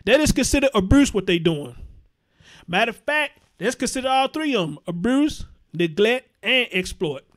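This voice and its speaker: Host, male, high-pitched, blunt and profane live commentary, repeats lines for emphasis. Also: sing-song, normal speed, fairly bright tone.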